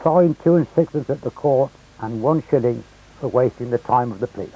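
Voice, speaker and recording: A man's voice: mid-range voice, brisk, warm tone, breathy edge, poor audio. An elderly man from England narrating local history as wry, chatty anecdotes. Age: older. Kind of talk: storytelling reminiscence.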